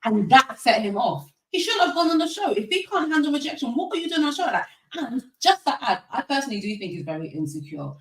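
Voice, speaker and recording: A woman's voice: sits high, sing-song, quick pace, hardly any pauses, recorded from a distance. Opinionated woman in an echoey room, off-mic. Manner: opinionated, emphatic, repeats points. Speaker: panelist. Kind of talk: panel discussion.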